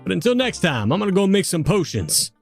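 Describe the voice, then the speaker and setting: Man voicing a Cajun potion shopkeeper, drawling, folksy, high-pitched, animated. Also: a little fast, creaky, soft background music, full character voice. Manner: drawling, folksy shout-outs. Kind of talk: in-character sponsor shout-outs.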